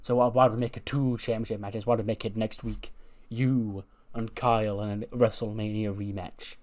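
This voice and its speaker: Brief: man playing a condescending company boss, smug and measured. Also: on the low side, little pitch movement, darkish tone, close to an everyday voice. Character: smug middle-aged male wrestling boss.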